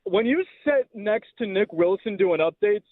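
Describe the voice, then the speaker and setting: A man's voice: high voice, lively intonation, moderate pace, no room sound. Man calling in on a tinny phone line. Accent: American. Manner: jokey, mock-indignant. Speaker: show regular calling in. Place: car.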